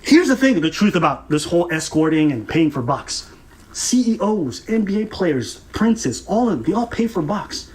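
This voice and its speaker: A man's voice: sits high, moderate pace, a little hiss or hum. A man co-hosting a reaction show, mocking and swearing as he gives heated commentary. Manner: animated, mocking, profane, laughs at his targets.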